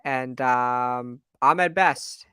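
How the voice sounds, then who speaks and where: A man's voice: mid-range voice, very slow, bright, forceful tone, smooth, no room sound, studio quality. A man co-hosting a fan podcast in casual, enthusiastic chat with many fillers. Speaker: podcast co-host.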